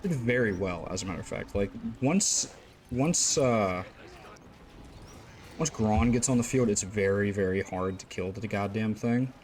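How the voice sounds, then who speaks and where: Low-voiced man rambling through gameplay commentary. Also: unhurried, a little mellow, slight background noise. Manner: rambling, lots of fillers, occasional swearing. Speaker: gaming channel host.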